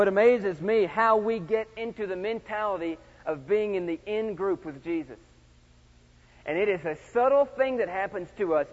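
A high-voiced middle-aged man preaches with big dynamic swings, booming one moment and dropping to near-quiet the next. His voice rings through a large church with long reverb, and the recording is slightly dull and muffled. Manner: dynamic preaching, swings from loud shouts to hushed tones. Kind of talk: sermon.

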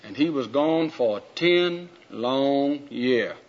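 A man preaching a sermon, telling a folksy story in a drawn-out, homespun way. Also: mid-range voice, lively intonation. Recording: dull lo-fi recording.

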